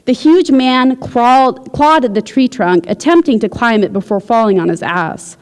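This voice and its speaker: A woman reading her own fiction aloud at a university, with a wry, deadpan delivery. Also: on the high side, normal speed, few pauses, long reverb tail. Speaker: visiting writer. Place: university lecture hall.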